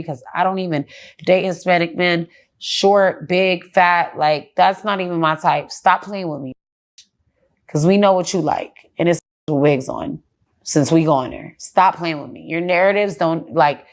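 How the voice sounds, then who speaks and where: A woman guest in a casual interview on a studio couch, speaking bluntly, heatedly and with lots of cursing. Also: lowish voice.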